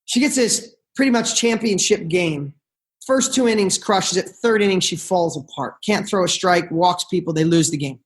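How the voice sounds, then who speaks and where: A middle-aged man speaking as a guest on a motivational podcast, telling stories passionately and quickly, with casual swearing. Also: high-pitched.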